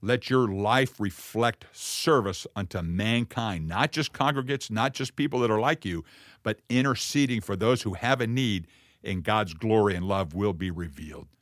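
A man telling a personal testimony in a sermon, earnest and conversational, acting out the dialogue, and closing with a softer, slower blessing. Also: lowish voice, no echo, clean studio sound. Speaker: ministry speaker addressing congregation.

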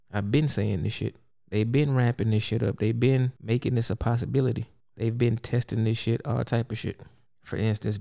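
A man hosts his own podcast and rants straight through, blunt, exasperated and full of profanity. His voice is dark and mellow, with a gravelly, creaky edge. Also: fairly low pitch. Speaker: podcast host. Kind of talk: solo podcast rant.

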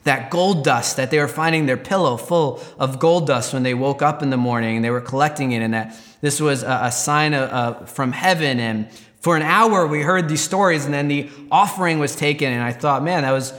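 A man's voice: a little high, a little fast, fairly bright tone, big-room sound. A man giving a candid personal testimony, rambling and restarting as he recounts events. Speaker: Christian storyteller.

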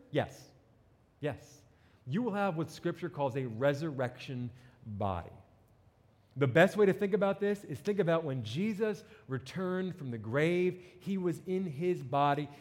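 A man from New Jersey with a slight New Jersey accent, preaching a sermon as pastor with animated, joking asides to the congregation. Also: on the high side.

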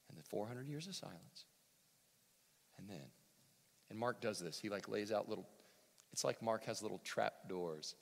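A male pastor preaching a sermon, swinging from near-shouts to hushed tones, with joking asides. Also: on the low side, moderate pace, vocal fry, long pauses. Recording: long hall reverb.

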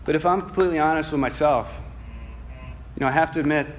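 A man preaching a sermon, earnest and reflective, moving from soft musing to emphatic passages and reading scripture slowly. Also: a little high, a little hiss or hum. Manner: reads scripture slowly and deliberately.

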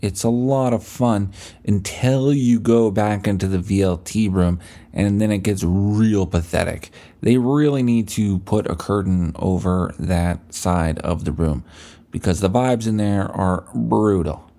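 A man's voice: fairly low pitch, a little slow, mellow. A young man hosting a podcast, telling rambling, profane, self-mocking stories in a casual solo monologue. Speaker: podcast host.

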